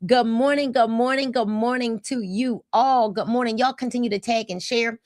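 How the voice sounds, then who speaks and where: A woman's voice: on the high side, fairly even intonation, moderate pace, a little mellow, dry recording, clean studio sound. A woman, hosting a casual livestream and greeting viewers by name in an upbeat way. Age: 50s. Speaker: host of a livestream.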